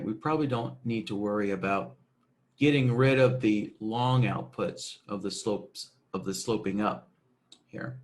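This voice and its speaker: A man with a mid-range voice walks through a screen-recorded software tutorial, speaking casually with lots of filler words and frequently checking in with "right?"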